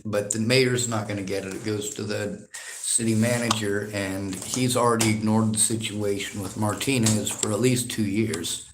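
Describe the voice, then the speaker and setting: A man's voice: lowish voice, fairly even intonation, moderate pace, background noise. A man on a phone call that is being livestreamed, talking in long, aggrieved, rambling runs about police he is reporting on. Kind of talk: casual phone conversation, livestreamed.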